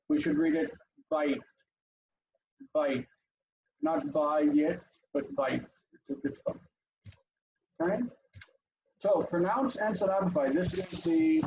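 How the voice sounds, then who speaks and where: A man teaching a class over a video call, lively and explaining step by step with many fillers, heard through dull, lo-fi call audio. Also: fairly high pitch, slight background noise.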